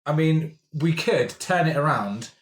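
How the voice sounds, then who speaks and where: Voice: mid-range voice, lively intonation, measured pace, roomy sound. A player chatting playfully and laughing often during a tabletop game. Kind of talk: casual game chat.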